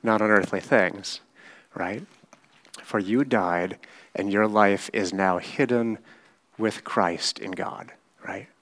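A man preaching a sermon, teaching slowly and often checking in with his listeners with a quick "right?". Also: lowish voice, a bit bright. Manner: slow, measured teaching with frequent "right?" checks. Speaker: pastor.

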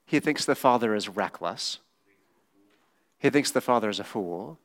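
A man's voice: fairly low pitch, expressive, normal speed, pauses often. A man preaching a sermon in a casual, conversational way. He is emphatic and often checks in with rhetorical questions.

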